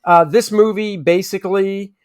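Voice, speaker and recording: Male co-host with a higher voice, relaxed and rambling, trips over names in a casual review. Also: normal speed, clear, resonant tone. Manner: rambling, often restarts and gropes for names. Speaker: movie review podcast co-host. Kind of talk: casual conversational movie review.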